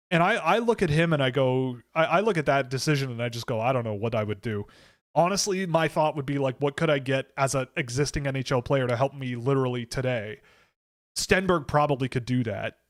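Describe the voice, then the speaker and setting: A man with a slightly higher voice talks through a casual live stream in a loose, rambling way. He stops and restarts often and fills the gaps with "like" and "um". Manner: rambling, self-correcting, many fillers. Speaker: hockey draft analyst hosting a live stream.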